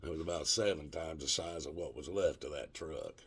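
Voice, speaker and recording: A man telling a rough, profane story in casual spoken style, drawing out the dramatic moments. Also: extremely low pitch, fairly bright tone. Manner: profane, colloquial, drawn-out dramatic retelling.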